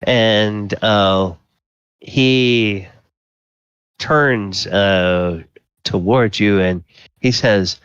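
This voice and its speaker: A man narrating as game master of a tabletop game, halting with many fillers. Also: on the low side, fairly bright tone, clean tone, no room sound, lo-fi sound.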